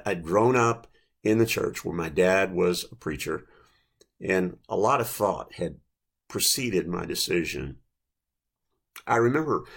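Older male preacher, gravelly and low-pitched, gentle reflective storyteller, sermon delivery. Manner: gentle, reflective storytelling with pauses and small restarts.

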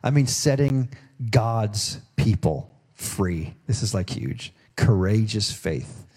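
A man's voice: lowish voice, animated, takes it slowly, mellow, husky. A middle-aged man preaching a sermon in a folksy, conversational way, often restarting his sentences. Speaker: pastor.

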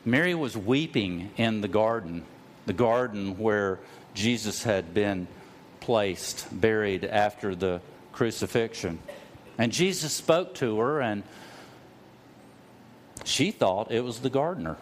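Animated man preaching a sermon. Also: fairly low pitch, a little hiss or hum. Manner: storytelling preacher, slows for emphasis, rises to loud cries. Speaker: pastor.

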